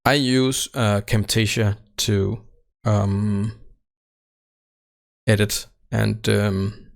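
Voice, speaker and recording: A man casually walking through his recording setup, halting often with fillers and restarts, speaking close into a desk microphone at home. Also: fairly low pitch, flat delivery, vocal fry. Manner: halting, many fillers and self-corrections. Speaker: tech channel host. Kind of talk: casual how-to walkthrough. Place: home room without sound treatment. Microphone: close desk microphone right at his face.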